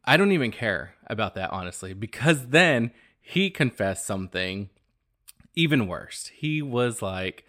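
A man hosting his own podcast, talking in a casual, animated and gossipy way, often exclaiming. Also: mid-range voice, unhurried. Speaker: podcast host.

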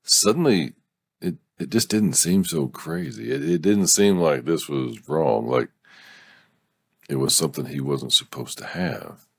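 A man with a very low, gravelly and husky voice reads a romance novel aloud at an unhurried pace. He breaks off again and again to laugh, swear and riff on the story in a casual way. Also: lively intonation, dry recording. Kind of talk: casual read-aloud with commentary.

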